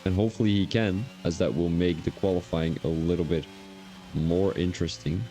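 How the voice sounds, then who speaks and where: A man's voice: deep voice, steady tone, a little fast, mellow, a little hiss or hum. A man commentating a sim racing league qualifying session on a live stream, chatty and drifting into rambling personal asides between the lap calls.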